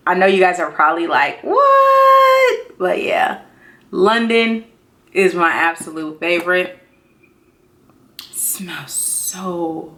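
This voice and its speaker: A woman chatting casually through a candle haul review, excitable and talkative, jumping up high when she gushes. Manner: chatty and excitable, says y'all, jumps high in pitch when gushing. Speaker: beauty and candle vlogger.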